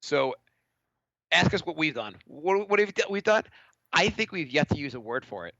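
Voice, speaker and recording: A bright, lively man in his thirties chatting on a podcast with a bouncy, expressive voice. He laughs easily and slips into quick acted quotes. The sound is dry and a bit dull. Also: fairly high pitch, no echo. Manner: animated, laughs often, acts out quotes. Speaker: podcast co-host. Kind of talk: casual comedic chat.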